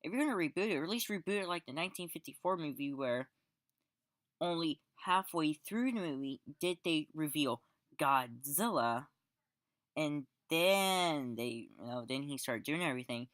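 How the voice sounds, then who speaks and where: A man's voice: a little high, lively intonation, normal speed, a bit bright, dry recording, clean studio sound. A man giving a casual spoken film review, rambling with restarts and fillers and sarcastic, exasperated asides. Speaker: movie reviewer.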